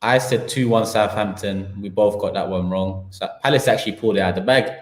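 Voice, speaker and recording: Ranting on a live football talk stream, this London-accented host is slangy and fired up, piling up one point after another. His voice runs on the low side and fairly quick. The room has an echo.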